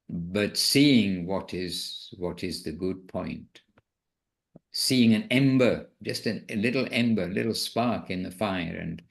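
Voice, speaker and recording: Speaking with vocal fry at a fairly low pitch, this spiritual teacher delivers a relaxed devotional talk. His manner is reflective, and he softly revises his own words along the way.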